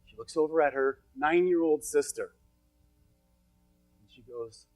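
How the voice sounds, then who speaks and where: A middle-aged man speaks to a live audience as a motivational speaker, his voice sitting a little high for a man. He tells personal stories with emphatic, repeated phrases, and soft music plays faintly under him. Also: a little slow, pauses often. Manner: storytelling, emphatic, repetitive. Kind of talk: motivational seminar talk. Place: event hall with an audience.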